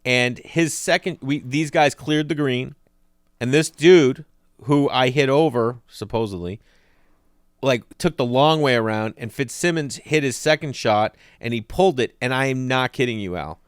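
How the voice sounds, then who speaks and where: A male comedian co-hosting a podcast, telling stories in a casual, animated way and acting out the people in them. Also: mid-range voice, normal speed, clear, resonant tone, dry recording, studio quality. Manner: animated storyteller, acts out voices in anecdotes.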